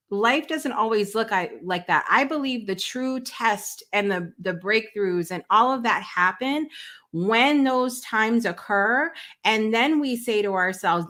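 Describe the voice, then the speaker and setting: A woman hosts a live morning talk show with a bright, forceful voice. She chats in a loose, emotional way, full of fillers and restarts. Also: on the high side.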